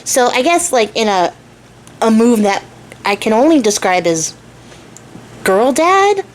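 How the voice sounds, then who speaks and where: A woman's voice: a little high, big pitch swings, unhurried. A young adult woman hosting a casual storytelling vlog, retelling a folk tale with chatty, irreverent asides. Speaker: storyteller and craft channel host.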